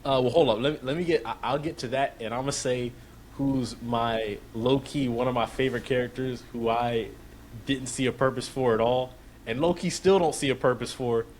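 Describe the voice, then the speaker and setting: A man co-hosting a podcast, ranting in a slangy, expressive way. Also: mid-range voice, moderate pace, a little hiss or hum. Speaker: podcast co-host. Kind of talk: casual chat.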